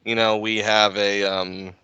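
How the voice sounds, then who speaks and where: A man co-hosting a casual podcast chat, animated and quick to laugh. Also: lowish voice, smooth, no room sound, muffled recording. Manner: animated, laughs often, does quick impressions. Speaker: podcast co-host.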